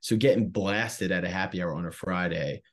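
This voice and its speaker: A very deep-voiced young man from South Jersey spins a long story in loose, casual chat. He swears freely and tells it with animated energy. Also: moderate pace. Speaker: comedian guest.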